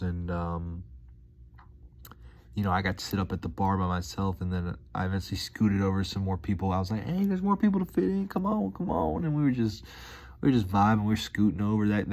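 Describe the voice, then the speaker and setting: Young man, deep voice, casual vlog monologue, slangy, rambling, relaxed. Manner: laid-back, slangy, meandering with many fillers. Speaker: vlogger.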